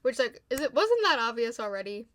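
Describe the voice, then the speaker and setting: There's a sing-song quality to this young woman's slightly high, somewhat bright voice, and she talks a little fast. She's casually recapping a TV episode, chatting away with frequent curses and heavy use of "like."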